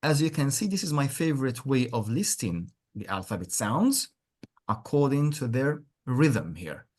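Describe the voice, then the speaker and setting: Animated male teacher, husky voice. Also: medium pitch, normal speed. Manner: encouraging, repeats words, frequent praise. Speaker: English teacher. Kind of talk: online language lesson. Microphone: computer mic on a video call.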